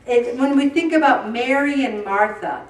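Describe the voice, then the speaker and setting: A woman's voice: sits high, normal speed. A woman in her sixties giving a chatty, self-mocking faith talk to a group and asking them questions. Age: 60s. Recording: roomy, distant mic.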